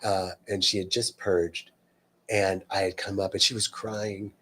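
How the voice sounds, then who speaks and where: A low-voiced man hosts a live-streamed spiritual talk, his delivery flat, a little slow, bright, and forceful. He speaks earnestly and without a script, repeating words for emphasis and reading out viewer comments. His manner is loose, with frequent fillers and restarts.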